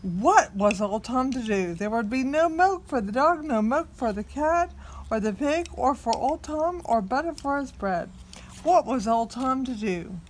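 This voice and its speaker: A woman reading a picture book aloud to a small child, expressive and coaxing the child to join in. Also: sits high, measured pace, slight background noise.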